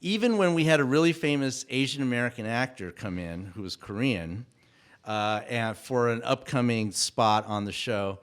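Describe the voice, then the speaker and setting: A man of Mexican heritage, a guest on a casual podcast interview, telling stories in a halting way with many restarts. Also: medium pitch, clean tone. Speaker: guest, cultural consultant for an animated show.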